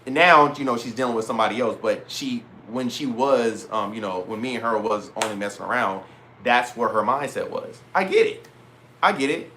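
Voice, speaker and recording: A man's voice: medium pitch, moderate pace, slight background noise. Slangy young man ranting to camera. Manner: animated, slangy, swears, retells dialogue in quoted voices. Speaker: vlogger. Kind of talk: casual storytelling rant to camera.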